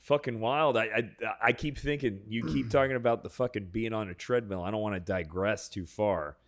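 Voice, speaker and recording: A man's voice: lowish voice, moderate pace. A man co-hosting a podcast, blunt and swearing constantly in casual chat. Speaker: podcast co-host.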